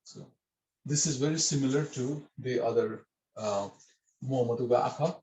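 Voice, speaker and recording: A man's voice: medium pitch, moderate pace, darkish tone, echoey room, rough recording. A man teaching a script class online, patiently spelling out syllables with hesitant fillers.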